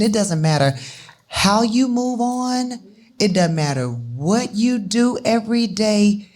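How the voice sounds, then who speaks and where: A woman's voice: medium pitch, animated, slow pace, a little mellow. A woman co-hosting a live talk show, speaking heartfelt and emotionally about grief. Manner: heartfelt, tearful at times. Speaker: co-host.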